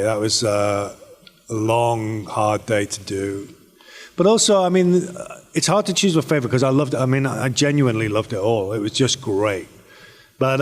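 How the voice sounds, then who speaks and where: British man answering fans in an echoey hall. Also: medium pitch. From Britain. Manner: relaxed, rambling, with many fillers and restarts. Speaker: actor and panel guest. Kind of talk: convention panel Q&A. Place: convention panel hall.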